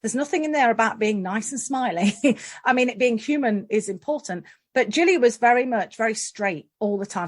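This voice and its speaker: A woman in her forties, a guest in an interview, telling lively stories with self-deprecating humour and frequent laughs. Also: on the high side. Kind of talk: interview storytelling.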